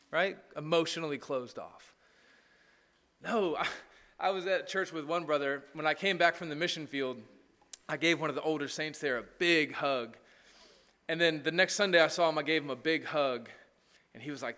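A man's voice: on the high side, normal speed, bright, forceful tone, big-room sound. A man preaching a sermon as pastor, talking conversationally and tossing in frequent "right?" asides. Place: church.

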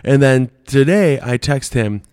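Brief: young male podcast co-host, animated storyteller, close dry mic, mid pitch. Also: a little slow, clear, resonant tone, no echo. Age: young adult. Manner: animated storyteller, swears often, reads out texts. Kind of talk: casual chat.

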